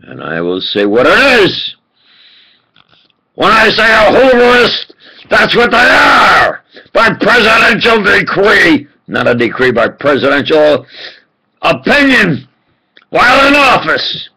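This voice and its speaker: Man preaching an angry rant, slow and gravelly, voice jumps all over. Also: high-pitched, huge pitch swings, poor audio. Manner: ranting, swings from muttering to shouted outbursts; repetitive, emphatic. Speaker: self-styled preacher giving a political rant. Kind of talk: impassioned video rant.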